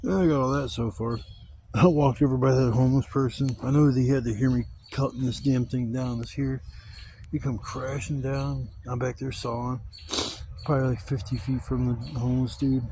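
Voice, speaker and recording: Recorded on a gimbal-mounted camera mic with a little hiss or hum, a man gathers wood at his woodland campsite and talks casually, profane and rambling with Southern-style speech. His mid-range voice is dark, fairly even and moderately paced.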